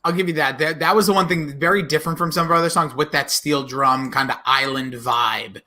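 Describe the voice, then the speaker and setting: A man co-hosting a podcast, rambling and chatty in casual conversation, quick to laugh. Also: a little high, pushed and bright. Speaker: podcast co-host. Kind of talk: casual chat.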